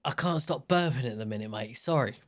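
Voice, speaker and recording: A man's voice: mid-range voice, lively intonation, brisk. A young man hosting a podcast in casual chat, rambling and joking with many fillers and restarts. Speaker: podcast host.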